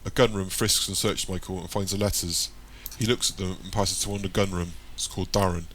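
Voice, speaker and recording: A man narrating an audiobook in a plain, steady reading voice. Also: low voice, brisk, slight background noise.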